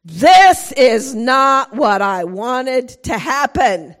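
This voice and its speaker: A middle-aged woman preaching a sermon in an animated way, acting out quotes and laughing often. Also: high-pitched, drawn-out words.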